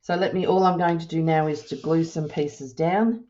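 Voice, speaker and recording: A woman with a notably low voice talks through a craft project step by step. She is relaxed and chatty, pausing with ums and correcting herself as she goes. The recording sounds a little dull and lo-fi. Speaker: crafting tutorial host. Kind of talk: casual step-by-step demonstration.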